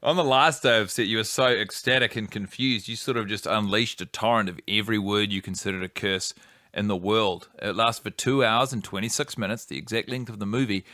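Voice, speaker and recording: Male podcast co-host, deadpan mock filmmaker, bright tone, dry close sound. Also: lowish voice, a little fast, dry recording. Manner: deadpan, rambling and self-serious.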